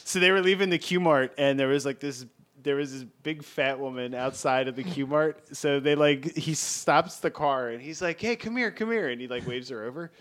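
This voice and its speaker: A man's voice: mid-range voice, steady tone, moderate pace, a bit bright. A man hosting a comedy podcast, telling a rambling anecdote in casual banter. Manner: loose, rambling storyteller. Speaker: podcast host.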